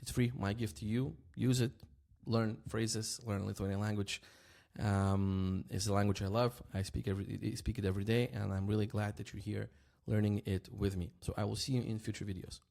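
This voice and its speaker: Low-voiced man teaching pronunciation casually. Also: vocal fry. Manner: relaxed, repeats example words slowly, often asks "right?". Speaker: language teacher. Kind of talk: casual spoken lesson.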